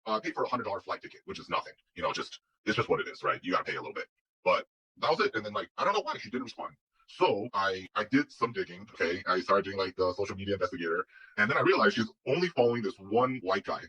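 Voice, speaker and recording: A man's voice: lowish voice, big pitch swings, fast, pushed and bright, slightly rough, rough recording. A man telling a personal story in a casual, rambling way, full of restarts and quoted dialogue. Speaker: guest telling his story.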